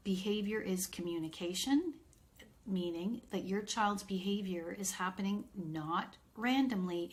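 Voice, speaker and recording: Middle-aged woman, parent coach on a live stream, unhurried and earnest. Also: medium pitch. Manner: earnest, reassuring, thinks aloud with fillers.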